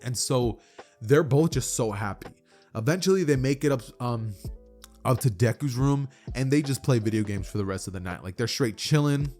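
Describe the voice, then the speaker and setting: A man's voice: medium pitch, expressive, moderate pace, darkish tone, faint music behind. A man casually retelling a fan story as a YouTube narrator, chatty and full of "you know" and "like".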